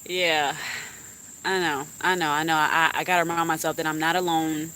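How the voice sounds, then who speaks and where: Blunt, bright-voiced young woman venting. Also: low-pitched, level tone, measured pace, pauses often, a little hiss or hum. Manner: blunt, heavy cussing. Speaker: YouTuber. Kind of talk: venting to a live stream chat.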